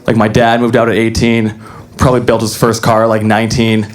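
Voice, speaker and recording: A young man doing a deadpan, self-deprecating stand-up comedy set on a club stage. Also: fairly low pitch, fairly quick.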